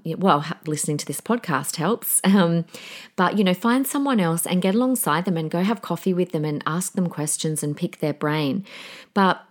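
A middle-aged woman hosts a solo podcast in a chatty, candid way. Her voice sits a little low for a woman. She slips into quoted asides as she retells her own thoughts. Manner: chatty, candid, with fillers and laughs. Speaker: podcast host. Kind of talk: casual solo podcast talk.

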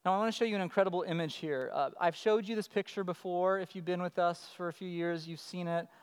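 A man in his thirties preaching a sermon as pastor, telling stories in an animated way. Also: sits high, quick pace, clear, resonant tone. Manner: animated storytelling, acting out his child calling. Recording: long reverb of a church hall.

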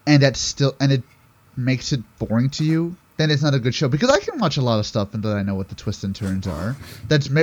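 A man's voice: medium pitch, a little mellow, muffled recording, a little hiss or hum. A man from Texas co-hosting a casual chat, stammering on restarts and joking as he makes his point. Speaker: podcast co-host.

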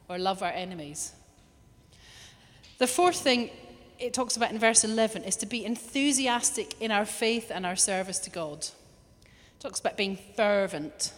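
A woman preaching a lively sermon, now and then acting out little quoted voices. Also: on the high side. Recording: long hall reverb.

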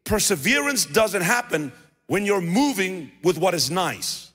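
With big swings in pitch, a high voice and a slightly bright tone, a South African pastor preaches at a measured pace. His delivery is conversational, with restarts and repeated phrases, and the church hall lends a long reverb.

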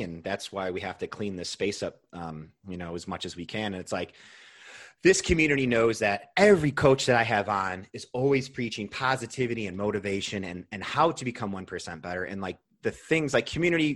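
A young man hosting a podcast as a nutrition coach, talking casually, animated and swearing freely as he rants. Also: on the low side, fairly quick.

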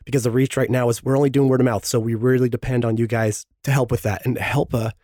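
A man's voice: mid-range voice, level tone, fast talker, dark tone, no echo, clean studio sound. A man hosting a podcast and reading the show's promos, his throat sore and strained from illness, with self-pitying jokey asides. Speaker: podcast host. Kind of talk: sponsor-style promo read.

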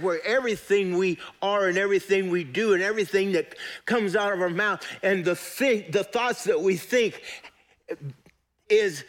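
High-voiced man preaching a sermon. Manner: conversational preaching with asides to the congregation. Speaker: pastor. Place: church service with congregation responding.

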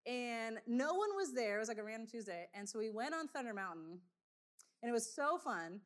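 A woman giving a sermon to a congregation, conversational and animated, telling personal stories and laughing often. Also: fairly high pitch, brisk. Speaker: preacher.

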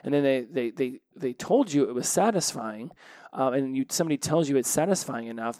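A man's voice: medium pitch, animated, fairly quick, mellow, dry recording. Man coaching in dry podcast talk. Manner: conversational, repeats and restarts words. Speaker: podcast host and habit coach. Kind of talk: casual solo podcast talk.

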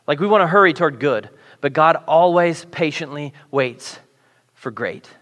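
A man's voice: fairly high pitch, lively intonation, normal speed, fairly bright tone. A man preaching a sermon as pastor, conversational and earnest, in a church hall. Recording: echoey hall.

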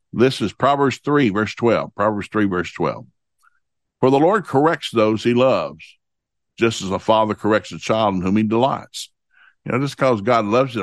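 Folksy preacher, low dry voice. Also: male voice, no room sound. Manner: homespun, repeats each verse reference twice, reads scripture slowly. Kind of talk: folksy Bible teaching.

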